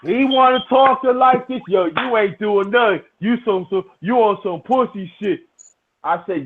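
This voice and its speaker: A middle-aged man with a high-pitched voice, speaking at normal speed, tells a rowdy, profane story while hanging out and chatting casually, restarting often. There's a little hiss or hum, and the recording sounds tinny and lo-fi, like a phone.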